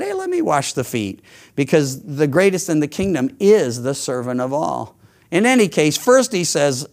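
A man preaching a sermon, telling the story with lively quoted lines and frequent restarts. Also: high-pitched. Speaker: pastor.

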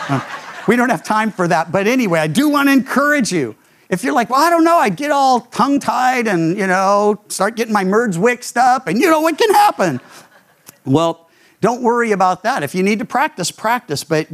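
An older man, a pastor, preaching a radio sermon and telling stories, jumping into higher voices when he quotes people. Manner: animated storyteller, voices quotes with leaps in pitch.

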